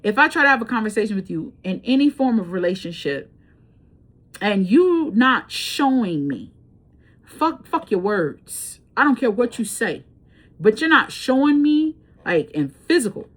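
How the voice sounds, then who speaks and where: Woman, fairly high voice, blunt casual storytelling, swears freely. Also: measured pace. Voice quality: blunt, profane, animated storytelling. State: breathing hard. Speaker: tarot reader.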